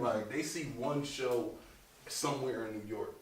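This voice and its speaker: Low-pitched male comedian, animated and profane storyteller; recorded far off the mic in an echoey room with faint noise. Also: normal speed. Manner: animated, laughing, profane, slangy. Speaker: comedian guest. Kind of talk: casual interview storytelling.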